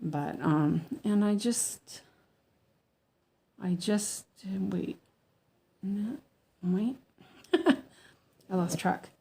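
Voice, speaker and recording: A woman's voice: medium pitch, drawn-out words, creaky, long pauses, dark tone, husky. A woman chatting casually while she cross-stitches on a livestream, rambling with fillers and restarts and a slight lisp. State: slightly lispy from medicine.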